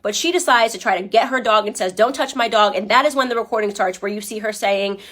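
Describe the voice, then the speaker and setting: A woman's voice: mid-range voice, fast, a bit bright. A woman giving opinion commentary to a livestream audience. She talks emphatically and argumentatively, ends her points with "okay?" and keeps asking her viewers pointed rhetorical questions. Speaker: political commentator.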